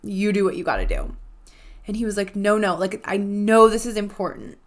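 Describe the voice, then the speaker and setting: A young adult woman hosting a podcast, telling a personal story in a casual, animated way and acting out the dialogue with lots of "like.". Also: medium pitch, moderate pace. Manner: animated, acts out quoted dialogue, frequent "like". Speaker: podcast host.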